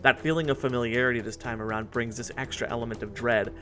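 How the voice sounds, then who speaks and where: Man, 20s, scripted narration, reflective, earnest, mid pitch, faint music behind. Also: steady tone, fast talker, fairly bright tone. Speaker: video essayist.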